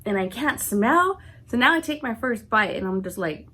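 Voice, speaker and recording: A Californian vlogger in her forties, sick and congested, tells a long casual story to camera. She's chatty, constantly using "I'm like" and acting out quoted reactions, in an animated, mid-range voice that is pushed and bright at a measured pace.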